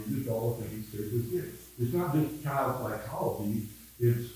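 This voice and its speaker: A man's voice: medium pitch, measured pace, a little mellow, a little hiss or hum. A man in his seventies with a Midwestern American accent, a pastor telling rambling, self-mocking stories in a casual Bible study. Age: 70s. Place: church room. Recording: echoey room, mic far off.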